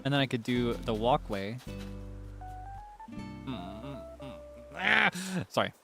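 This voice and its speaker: Livestreaming a game over music, a man with a mid-range voice chats unhurriedly with viewers. He's playful and teasing, breaking into sudden melodramatic outbursts.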